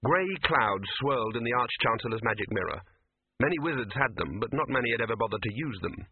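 Guy reading a story out loud, wry and lively, husky, sounds like a phone line. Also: mid-range voice, fairly quick, no room sound. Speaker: audiobook narrator. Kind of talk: scripted narration. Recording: tinny, phone-like recording.

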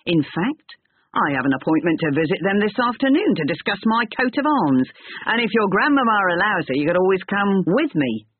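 A gruff, big-bellied older man of wealth, hearty and shrewd in his storybook dealings, as a man reads him out. The voice sits a touch high and husky, coming through a thin, tinny line with a dry close sound. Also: very animated, brisk, no echo, heavily acted. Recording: tinny narrow-band recording.

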